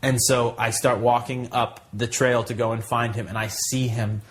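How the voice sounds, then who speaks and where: A young man rambling through a story on a podcast, full of fillers, with quick swings into acted-out quoted voices. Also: mid-range voice, level tone, slight background noise. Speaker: podcast co-host. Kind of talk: casual storytelling.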